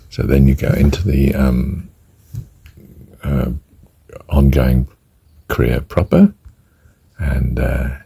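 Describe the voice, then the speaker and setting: Older male breathwork teacher, very deep and raspy, dry close recording, softly whispered counting. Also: no room sound. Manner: soft-spoken, drifts into whispered counting. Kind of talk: spoken meditation instruction.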